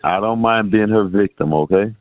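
A man's voice: on the low side, moderate pace, no echo. A man on a phone line, easygoing and agreeable in conversation. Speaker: caller.

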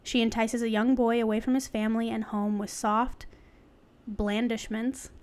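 A woman's voice: a little high, little pitch movement, moderate pace, darkish tone. Playful young woman reading aloud. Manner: reads an article aloud with joking asides and frequent laughs. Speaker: podcast co-host. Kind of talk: casual podcast chat, reading aloud.

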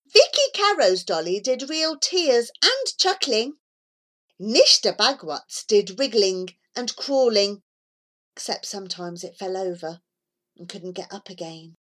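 A woman narrating a children's book aloud, telling it in a lively, childlike first-person way. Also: medium pitch, measured pace. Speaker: audiobook narrator.

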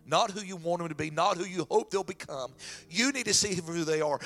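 A man's voice: high voice, fast talker, hardly any pauses. A man preaching a sermon in a folksy way and then praying aloud. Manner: folksy preaching, shifts into loud prayer. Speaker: pastor.

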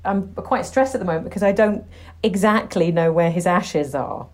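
Middle-aged woman, lowish voice, chatty and animated, casual guest. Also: normal speed. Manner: chatty, animated storyteller, acts out her dogs' voices. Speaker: podcast guest. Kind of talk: casual chat.

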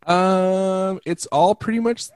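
A man co-hosting a casual podcast chat who laughs often and lets his sentences fade off quietly. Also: sits high, takes it slowly, smooth, dry recording. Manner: laughs often, trails off quietly at the ends of phrases. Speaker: podcast co-host.

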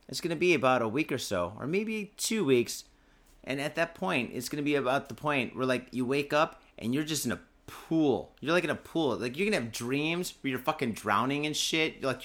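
In Japan, a tipsy podcast host delivers a rambling drunk monologue, rowdy and profane and full of "dude." His voice is medium-pitched and a bit bright.

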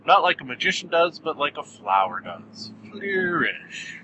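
A man rambles through his own podcast intro in a bright, forceful voice pitched a little high. He is goofy and self-mocking, breaking into loud exclamations. A faint hiss sits behind him. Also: sing-song, moderate pace, low-quality recording. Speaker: podcast host. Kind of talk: casual solo podcast monologue.

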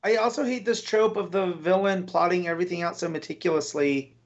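A man with a slightly raised pitch giving his opinions in relaxed podcast banter. He sounds wry and sure of his views, and he stumbles and restarts as he talks. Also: fairly quick, lo-fi sound. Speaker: podcast co-host. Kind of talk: casual comic book chat.

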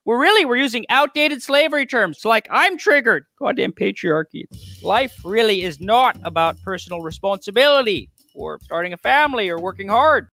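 A man's voice: sits high, animated, moderate pace, gravelly, pushed and bright, no room sound, full character voice. A man playing a smug lecturer in a sarcastic comedy sketch parody. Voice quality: mock-earnest, sarcastic lecturing.

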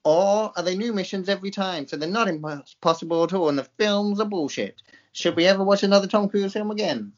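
Smug American movie star, boastful and drawling, high voice, dull audio as a comic podcaster puts him on. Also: male voice, fast talker, natural voice.

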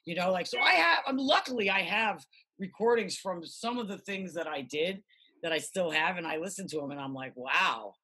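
Woman, from the US, middle-aged, interview guest, rambling, profane, husky. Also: on the low side, a little fast. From United States. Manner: rambling, profane, animated storytelling. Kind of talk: casual interview chat.

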